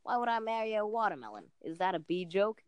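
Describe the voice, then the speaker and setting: A woman's voice: mid-range voice, big pitch swings, fast talker, clean tone, lightly acted. A woman voicing a wisecracking New York comedian guy, reading movie lines in a New York accent. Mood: wry. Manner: reads movie lines in a put-on comic voice. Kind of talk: comic movie-script reading.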